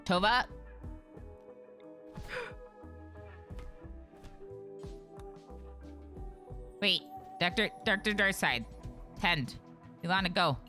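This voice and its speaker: A woman's voice: medium pitch, wildly swooping pitch, very slow, pauses often, bright, forceful tone, faint music behind. A young adult woman streaming a game live, chatting with viewers and reacting aloud to the play.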